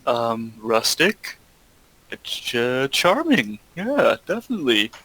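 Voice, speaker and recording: A man playing a slow, wry adventurer. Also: medium pitch, huge pitch swings, pushed and bright, slightly rough, no echo, exaggerated voice, poor audio.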